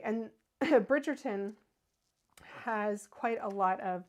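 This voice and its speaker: A woman's voice: mid-range voice, darkish tone. Woman, thirties, card-making livestream host, chatty demo, answers viewer comments. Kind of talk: casual crafting demo with viewer chat.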